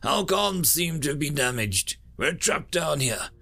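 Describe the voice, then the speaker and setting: Man doing a pained ship's doctor, grunting, resigned, raised pitch. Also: very animated, unhurried, creaky, pushed and bright, exaggerated voice. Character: wounded male ship's doctor, calm and resigned.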